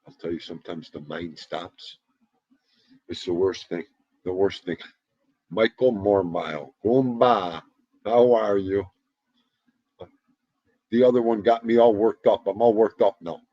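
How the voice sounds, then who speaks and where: A man's voice: on the low side, measured pace, long pauses, mellow, no echo. A man in his fifties hosting a casual livestream, greeting viewers one by one and joking around. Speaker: livestream host. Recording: dull lo-fi livestream audio.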